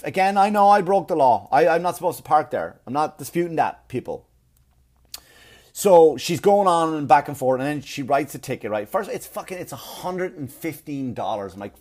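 A man delivering a profane comedic rant, animated and repetitive, often stumbling over his words. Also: a little high. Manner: animated, profane, repeats himself. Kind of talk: ranting comedic monologue.

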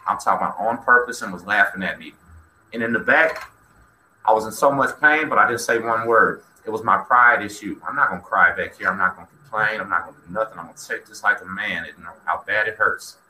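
Texas man hosting, animated storyteller, very bright voice, echoey room, faint hiss. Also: on the low side, a little fast. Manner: animated, acts out quoted dialogue, talks to chat. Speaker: host. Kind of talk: casual storytelling livestream.

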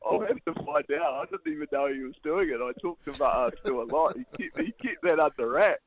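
A man's voice: a little high, lively intonation, brisk. A man, a guest calling in, talking casually with hesitant restarts and fillers. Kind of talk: casual phone-in chat. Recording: phone line.

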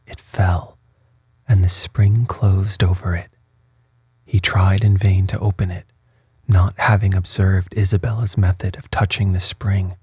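A man narrating a bedtime story reading in a hushed, breathy voice, soft, slow and even. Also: low voice, no room sound.

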